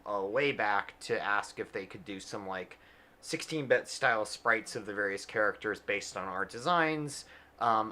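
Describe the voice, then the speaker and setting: A man's voice: lowish voice, pushed and bright. A man, the game's director and writer, chatting casually on a livestream, rambling with lots of fillers and laughs.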